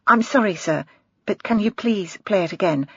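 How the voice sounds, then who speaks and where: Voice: medium pitch, lively intonation, normal speed, fairly bright tone, breathy edge, dry recording, dull audio, voice pushed up. A narrator voicing a nervous young female detective who talks in a hesitant, apologetic way.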